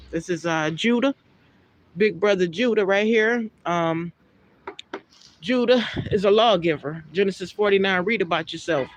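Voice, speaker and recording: In a mid-range voice at a moderate pace, this scripture reader recites Bible passages with a heightened tone before breaking off into casual asides laden with fillers. The audio sounds dull.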